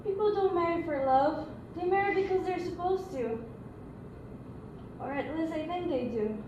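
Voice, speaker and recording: An actress playing a gentle elder sister, soothing and earnest in stage acting, recorded from a distance in an echoey room. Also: female voice, extremely high pitch, normal speed, highs cut off, noisy background.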